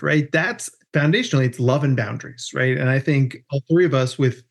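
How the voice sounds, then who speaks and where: A man's voice: medium pitch, brisk, gravelly, few pauses. Joking man hosting a podcast. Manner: upbeat, joking, says "right?" a lot. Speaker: podcast host. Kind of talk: casual podcast chat.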